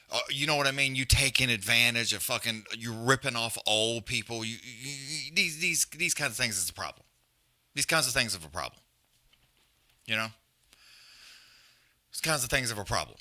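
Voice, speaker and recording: A man's voice: mid-range voice, bright, forceful tone. A man hosting a live fight stream, ranting bluntly and profanely and repeating himself, then calling the fight. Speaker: fight companion stream host. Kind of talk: profane casual rant and live fight commentary.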